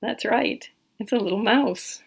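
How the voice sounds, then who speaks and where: A woman reading a picture book aloud to small children in an animated, interactive way. She asks questions, points out details and counts along with them. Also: on the high side, unhurried, vocal fry, a little hiss or hum. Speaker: storytime reader.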